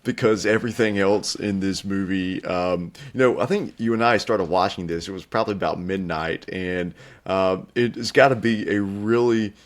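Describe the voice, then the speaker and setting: A young man co-hosting a film review show, talking casually with many pauses and fillers. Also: deep voice. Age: young adult. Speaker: film critic co-host.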